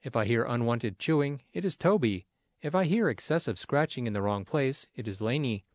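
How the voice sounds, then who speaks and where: A man reading a personal essay aloud in a measured, earnest way with gentle humor. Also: mid-range voice, animated, no echo, clean studio sound. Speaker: reader.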